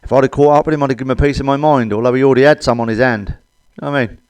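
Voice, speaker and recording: A middle-aged man with a British accent runs through a crude stand-up routine, blunt and cheeky, with plenty of swearing. His voice sits at an ordinary middle pitch. The sound is dry and close, with no room echo. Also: fairly even intonation, very fast, clear, resonant tone. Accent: British English. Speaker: stand-up comedian. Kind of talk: crude stand-up comedy monologue.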